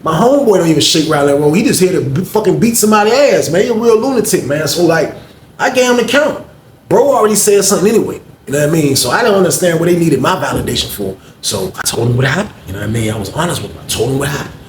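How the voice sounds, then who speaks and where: Male storyteller, casual slangy vlog delivery, slightly high voice, echoey room. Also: quick pace, a little hiss or hum. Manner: animated, profane street slang, addresses viewers directly.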